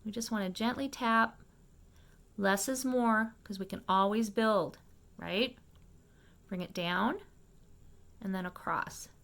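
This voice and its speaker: A woman hosts a makeup lesson in a casual, step-by-step way, talking fast and keeping her viewers with her. Her voice is bright and crisp with a gravelly, fry-tinged texture. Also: mid-range voice. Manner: chatty, fast-paced, checks in with viewers. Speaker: makeup tutorial host.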